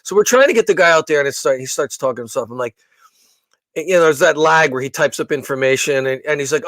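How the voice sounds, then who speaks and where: A man's voice: a little high, quick pace, fairly bright tone, dry recording. Rambling, profane man with a dry sound. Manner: rambling storyteller, profane, many restarts. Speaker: podcast co-host. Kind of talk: casual chat.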